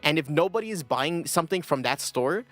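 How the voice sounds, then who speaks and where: A man's voice: fairly high pitch, expressive, a little fast, a bit bright. A young man chatting casually on a livestream, rambling and self-deprecating, often breaking into laughter. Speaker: streamer.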